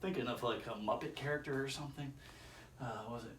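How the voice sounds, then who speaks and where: A man's voice: mid-range voice, brisk, fairly bright tone, far from the mic. A man chats aimlessly through his home workout, muttering his rep counts and chuckling at his own stories. He sounds a little strained from the effort. The voice comes from across an echoey room, with a faint hum of ambient noise underneath. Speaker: vlogger doing a workout. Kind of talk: casual self-filmed workout commentary. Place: indoor room with chairs.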